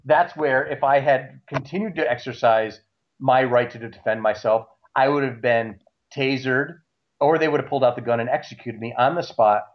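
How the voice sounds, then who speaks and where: Animated storytelling man, slightly lo-fi. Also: medium pitch, normal speed. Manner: animated, acts out shouting cops; repeats words and restarts often. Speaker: guest recounting a story. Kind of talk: casual storytelling on a talk show. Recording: slightly dull lo-fi audio.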